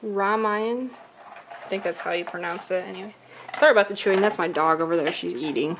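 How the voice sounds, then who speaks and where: A woman with a low-ish voice vlogs casually at home, chatting as she unboxes comics and reads their titles aloud. She's chatty but slows down for the titles, and there's background noise.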